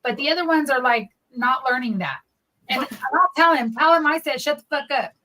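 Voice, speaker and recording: A woman's voice: high-pitched, expressive, moderate pace, pushed and bright, slight background noise, rough recording. A woman hosting a casual podcast chat, blunt and swearing freely as she acts out quoted dialogue. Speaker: podcast host.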